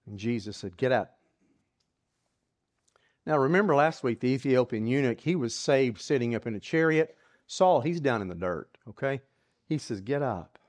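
This preacher's sermon has a mid-range, expressive, brisk voice. Retelling a story with drama, he sinks to hushed whispers and keeps repeating words while setting the scene.

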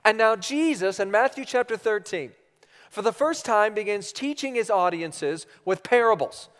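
A man's voice: high voice, animated, normal speed, a bit bright. A man in his thirties preaching a sermon, earnest and imploring, dropping almost to a whisper on key words. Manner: earnest, imploring, drops to near-whispers for emphasis. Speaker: pastor. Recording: reverberant hall.

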